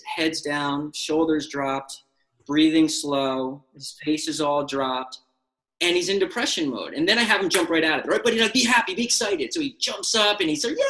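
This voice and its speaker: A man, a life skills coach and guest on a radio show, telling a story in a casual, animated way and acting out the lines he quotes. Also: high-pitched, rough recording.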